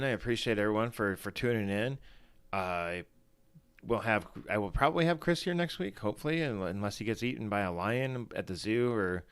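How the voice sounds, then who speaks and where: Man, very low voice, morning voice, rambling casual stream chat, dry close sound. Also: a bit bright, dry recording. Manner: rambling, self-deprecating, many fillers and restarts. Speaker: fantasy football streamer. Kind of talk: casual solo livestream chat.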